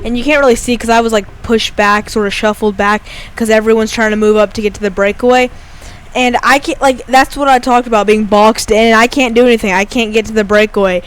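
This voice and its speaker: A man's voice: high-pitched, fairly even intonation, brisk, a bit bright, clean tone. A teenage boy, giving casual, rambling voice-over commentary over his own race footage and filling his talk with "like". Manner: rambling and chatty, heavy on "like" fillers. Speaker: amateur bike racer and vlogger.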